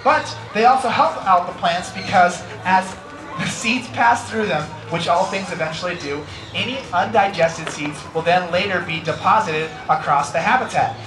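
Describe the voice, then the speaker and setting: A high-voiced American man running a live educational bird show, coaxing and teasing his volunteers in a playful way. His voice carries in a roomy, echoing space, and music runs clearly beneath him. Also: moderate pace. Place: outdoor amphitheater stage.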